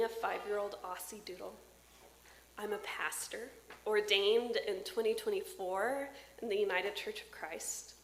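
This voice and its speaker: Woman pastor preaching in an echoey church. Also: mid-range voice. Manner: warm personal storytelling from the pulpit. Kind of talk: sermon. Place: church sanctuary. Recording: roomy church echo.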